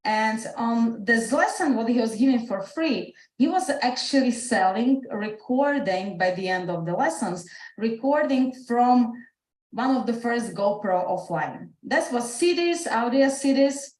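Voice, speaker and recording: A woman's voice: fairly high pitch, lively intonation, unhurried, a little mellow, echoey room, low-quality recording. A woman with a Slovak accent telling an earnest personal story on a video call, her English full of restarts. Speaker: speaker. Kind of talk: motivational talk on a video call.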